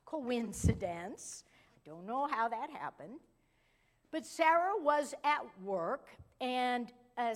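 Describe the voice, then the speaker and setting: Soft-spoken woman preaching slowly. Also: a little high. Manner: storytelling, slows and softens for emphasis. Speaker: pastor. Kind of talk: sermon.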